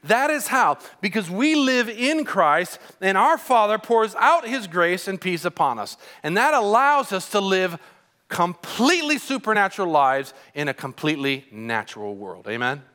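A man's voice: sits high, big pitch swings, normal speed. A pastor preaching a sermon, emphatic and putting questions to his congregation. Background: soft music.

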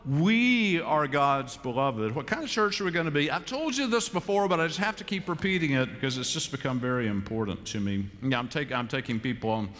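A man preaching a sermon in a large church, conversational and repeating key phrases with emphatic pauses. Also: medium pitch, lively intonation, a bit bright. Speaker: pastor. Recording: live church recording with long reverb.

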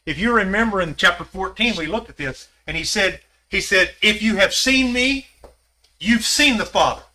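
Bright-voiced man teaching a Bible class. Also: high-pitched, moderate pace. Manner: conversational, asks the class questions; acts out scripture quotes with shifting voice.

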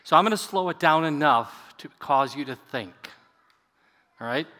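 A man's voice: a little high, lively intonation, normal speed, sharp tone. A man preaching to a seated congregation as their pastor, talking in a conversational way and leading them in prayer. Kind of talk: sermon. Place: church sanctuary. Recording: echoey church hall.

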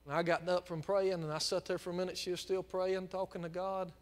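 A male preacher with a fairly high voice delivers a sermon. He drops low and quiet to tell a story, then builds into loud, fervent exhortation. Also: little pitch movement, a little fast. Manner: impassioned preaching that swells from quiet storytelling into near-shouting. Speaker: pastor.

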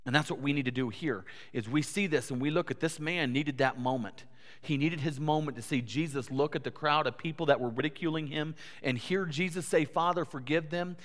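A man's voice: a little high, fairly quick. A man preaching a sermon as pastor, earnest, building to emphatic peaks and often repeating words. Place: church sanctuary. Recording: long church hall reverb.

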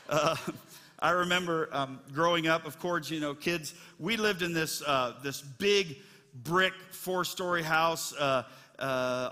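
A man's voice: on the high side, pushed and bright. A middle-aged man preaching a sermon as pastor, telling folksy stories with lots of fillers. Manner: folksy, chatty storytelling with many fillers. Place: church sanctuary. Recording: long church reverb.

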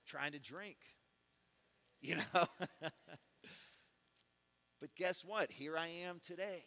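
Bright-voiced preacher in an echoey church. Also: male voice, on the high side, slow pace, pauses often. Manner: conversational preaching that swings from soft to loud and fervent. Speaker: pastor. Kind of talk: sermon.

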